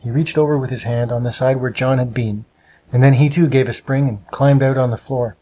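Man, storybook narrator, husky, steady measured reading. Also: mid-range voice, rough recording.

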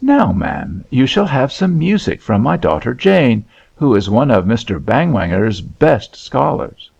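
A man's voice: medium pitch, sing-song, unhurried, vocal fry, darkish tone, slightly rough, highs cut off, heavily acted. A man voicing a pompous mother who lectures her guests on thrift and schooling. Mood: preachy. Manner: prim and preachy. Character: prim, pompous mother boasting of her children.

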